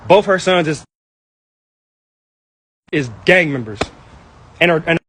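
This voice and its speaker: A man's voice: high-pitched, fairly bright tone, a little hiss or hum, low-quality recording. A young man in a heated personal rant, angry and hurt, talking in slang and repeating himself.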